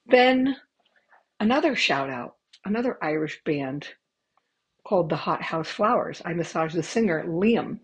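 A middle-aged woman with a low, breathy voice hosts a podcast, chatting into a headset mic on a rough-sounding recording. She tells stories casually, swearing freely and tossing in laughing asides.

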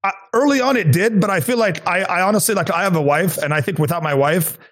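Rambling man, slightly higher voice. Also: fast. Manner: rambling, filler-heavy, earnest. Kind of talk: casual chat.

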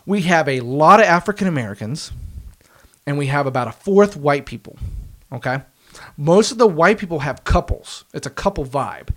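A man in his late twenties telling a story in a casual, animated way, acting out what people said and swearing freely. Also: fairly high pitch, normal speed. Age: 20s.

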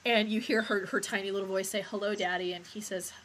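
A woman's voice: medium pitch, steady tone, fast, a bit bright, slight background noise, poor audio. A woman co-hosting a casual podcast, reflective and often trailing off and restarting her thoughts. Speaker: podcast co-host. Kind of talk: casual chat.

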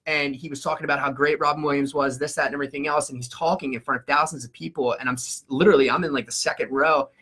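A man's voice: on the high side, fairly even intonation, fast talker, hardly any pauses, pushed and bright, husky. A man hosting a podcast, telling stories in casual chat, earnest, with many stammered restarts. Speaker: podcast host.

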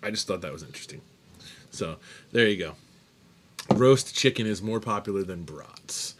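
Guy reading trivia qs on a podcast, pitch jumps around a lot, jokey, laughs a bunch. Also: expressive, moderate pace, background noise. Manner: jokey, laughs often, reads trivia questions aloud. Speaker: quiz host of a podcast. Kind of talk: casual chat.

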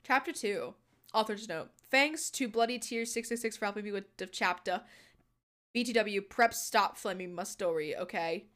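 A woman's voice: mid-range voice, moderate pace, a bit bright. A young woman co-hosting a casual podcast, reading fanfiction aloud with giggly asides and jokes. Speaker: podcast co-host.

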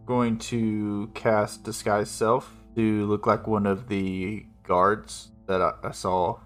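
A man, playing a tabletop game in a relaxed drawl. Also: on the low side, slow. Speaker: player. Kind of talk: casual tabletop play. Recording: faint music behind.

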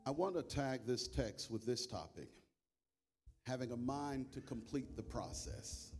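A bishop preaching to a church congregation, singing worship lines and leading the room in call and response. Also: male voice, darkish tone. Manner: sings with long drawn-out high notes. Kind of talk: worship singing then sermon. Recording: live church mic with music behind.

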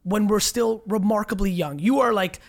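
A woman hosts a casual live interview with an eager, emphatic drive. Her voice carries a rough, gravelly texture at a middle pitch. She repeats her points to hammer them home. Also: normal speed. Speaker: host.

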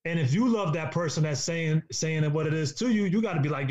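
A man's voice: on the high side, fast, darkish tone. A man in a casual podcast discussion, talking in an emphatic, preachy way and repeating himself for stress. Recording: dull lo-fi sound.

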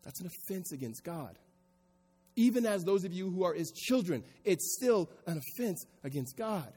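Speaking at normal speed in a high, sing-song voice with a breathy edge, a pastor gives a sermon to a congregation in an echoing sanctuary. What begins as quiet reflection grows into raised, emphatic preaching.

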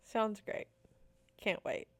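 A woman co-hosting a podcast, recapping episodes in a laid-back, casual chat full of "um" and "like". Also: slow. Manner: laid-back storytelling with frequent "um" and "like".

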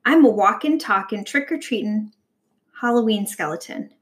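A woman voicing a cheerful, talkative male Halloween skeleton in a read-aloud storybook, with a bright, eager delivery. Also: mid-range voice, lively intonation, normal speed, close to an everyday voice.

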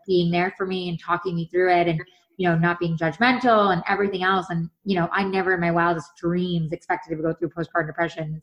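A woman's voice: lowish voice, lo-fi sound. A woman in her thirties chatting casually as a co-host, telling stories and acting out what others said. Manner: chatty, animated storyteller acting out quotes. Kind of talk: casual chat.

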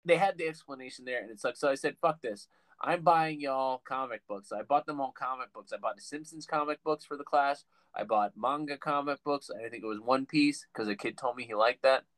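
A man hosting a laid-back podcast, telling rambling stories that keep stopping and restarting. His voice sits at an ordinary middle pitch, and he talks in a loose, conversational way. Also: brisk, a bit bright, no room sound, poor audio. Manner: rambling, self-interrupting storyteller. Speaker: podcast host. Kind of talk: casual interview chat.

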